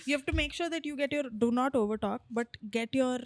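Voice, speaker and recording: A woman's voice: high-pitched, fast, no room sound. A young woman co-hosting a podcast, running the game rounds in a casual, teasing way. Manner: bossy game-runner, teasing. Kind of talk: casual chat.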